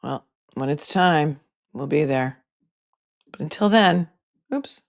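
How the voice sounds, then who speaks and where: A woman's voice: deep voice, slow, dry recording. Chatty woman livestream host, dry close sound. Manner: chatty, wry asides to viewers. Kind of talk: casual livestream chat. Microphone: phone microphone.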